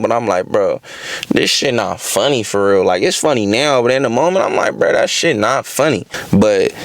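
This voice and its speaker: A young man telling a casual storytime on his vlog, animated and heavy on profanity and street slang. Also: lowish voice, dry recording. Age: young adult. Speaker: vlogger.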